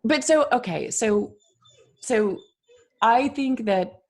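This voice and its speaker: A woman co-hosting a podcast, with a deep, soothing voice and an animated, expressive way of talking full of fillers. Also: takes it slowly. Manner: animated and expressive, filler-heavy, laughs often. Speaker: podcast co-host. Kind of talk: casual conversational interview.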